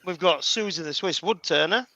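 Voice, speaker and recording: A man on a live stream reading out names from the chat and greeting viewers in a friendly, unhurried way. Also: high-pitched, bright, forceful tone, no room sound, low-quality recording.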